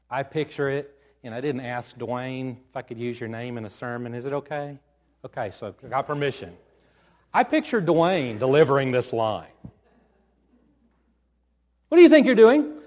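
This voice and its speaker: Animated male preacher acting out stories. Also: a little high. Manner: animated storytelling, acting out quoted lines. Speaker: pastor. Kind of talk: sermon.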